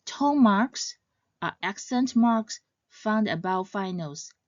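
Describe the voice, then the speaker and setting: Woman, scripted lesson narration, unhurried, explanatory, muffled lo-fi sound. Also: medium pitch, expressive, dry recording. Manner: measured, clearly explaining. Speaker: language teacher.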